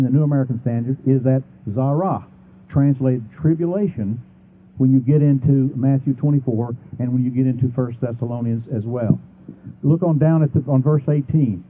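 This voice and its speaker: A man making a formal debate argument, reading scripture passages aloud and slowing down to stress key words. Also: medium pitch. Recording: tinny phone-like sound with faint noise.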